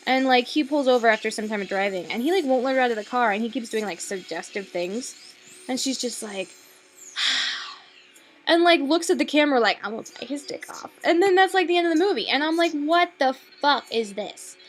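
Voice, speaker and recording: Young woman ranting about a movie, kinda high voice that jumps all over, sweary and sarcastic, lots of likes and ums. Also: expressive, fast, slight background noise. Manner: sweary, sarcastic, rambling with many fillers. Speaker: vlogger reviewing a film. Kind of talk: casual rambling film review.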